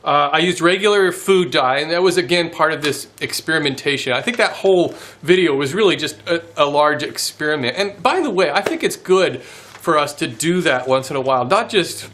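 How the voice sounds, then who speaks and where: A man's voice: a little high, expressive, a little fast, fairly bright tone. A man hosting a woodworking channel, chatting casually to camera and laughing often at himself.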